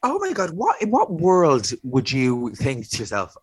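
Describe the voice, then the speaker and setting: A man with an Irish accent co-hosting a casual gossip podcast, camp and animated, jumping high when he mimics others. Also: a little slow, slightly rough, dry recording. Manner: camp, animated, loud high-pitched mock quotes. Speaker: podcast co-host.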